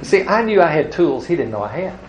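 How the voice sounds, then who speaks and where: This man has a fairly high, very animated voice and a brisk pace, captured in a rough recording with slight background noise. Giving an evangelism teaching talk to a live audience, he tells stories, voices the people he quotes, and chuckles.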